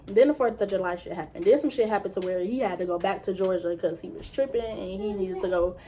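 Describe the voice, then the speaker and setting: A woman's voice: medium pitch, fast, slight background noise. A young woman vlogger casually retelling a personal story, swearing freely and acting out what people said. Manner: casual, profane, animated retelling with quoted voices. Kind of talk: storytime vlog.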